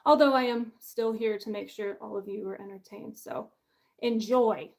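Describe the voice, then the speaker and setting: A bubbly woman with a fairly high voice chats casually on a livestream while hosting her book launch. She is chatty and pokes fun at herself, and she laughs often. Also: steady tone, normal speed, gravelly, a little mellow. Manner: bubbly, chatty, self-deprecating.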